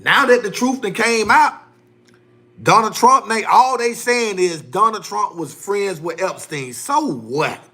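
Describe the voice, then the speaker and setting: A man's voice: high-pitched, big pitch swings, unhurried, bright, forceful tone. A man hosting his own livestream, ranting heatedly in loose slangy speech and repeating himself. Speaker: livestream host. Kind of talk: casual livestream rant.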